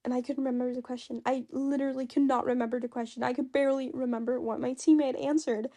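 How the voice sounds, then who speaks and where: Brief: high-pitched woman, non-native English, animated self-mocking storyteller who laughs a lot. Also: quick pace. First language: not English. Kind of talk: casual storytelling narration.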